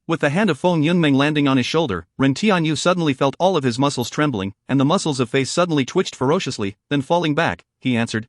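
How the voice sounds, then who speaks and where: A man narrating a fantasy audiobook in a steady storytelling way, recorded on a close mic in a studio. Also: on the high side, fast, few pauses, no echo.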